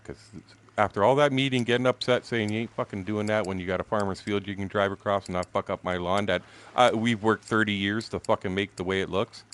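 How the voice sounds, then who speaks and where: A man's voice: fairly low pitch, a bit bright. A man in his sixties, a gaming streamer, telling a story in blunt, profane, casual talk. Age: 60s.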